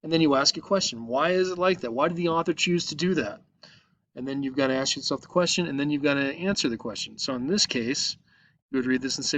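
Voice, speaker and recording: A man's voice: a little high, fast talker, fairly bright tone, no room sound. A male teacher patiently walks his students through an online lesson, checking in with frequent "okay?" as he explains each step. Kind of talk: recorded online lesson walkthrough. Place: at a computer, screen recording.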